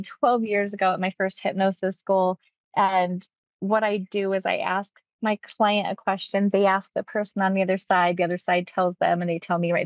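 Woman hypnotherapist, quick animated storytelling, dry slightly dull sound. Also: mid-range voice, dry recording. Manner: quick, animated retelling with acted quotes. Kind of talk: storytelling about a client session.

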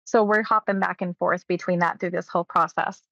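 Fast-talking woman hypnotherapist. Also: on the low side, creaky, no room sound, muffled recording. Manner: quick, animated retelling with acted quotes. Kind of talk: storytelling about a client session.

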